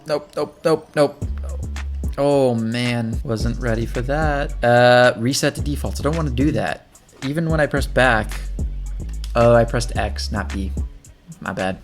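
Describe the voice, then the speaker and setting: A man hosting a gaming channel, giving casual gameplay commentary and chatting as he thinks aloud while playing. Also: medium pitch.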